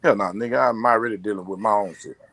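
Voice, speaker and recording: Male podcast host, profane and animated. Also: lowish voice, quick pace, no echo. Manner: loose, rambling delivery with restarts. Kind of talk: casual podcast chat.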